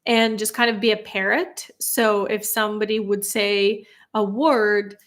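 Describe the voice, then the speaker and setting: A young content creator answers live chat questions on a livestream, speaking English as a non-native speaker. Her voice is medium-pitched and a bit bright, with a flat delivery and measured pace, and she's chatty and laughs often.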